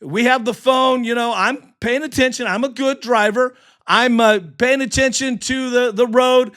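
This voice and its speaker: A man hosting a sports live stream, talking with hyped excitement and firing back at chatters. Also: extremely high pitch, clean tone. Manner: hyped, fast, heckling chatters. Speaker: sports livestream host.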